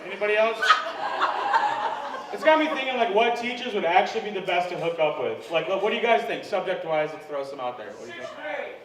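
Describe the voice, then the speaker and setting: Standup guy joking w the crowd, highish voice, echoey far mic, noisy room. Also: expressive, a little fast. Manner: crowd work, self-deprecating, laughing between jokes. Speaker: stand-up comedian. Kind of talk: stand-up set. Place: comedy club stage.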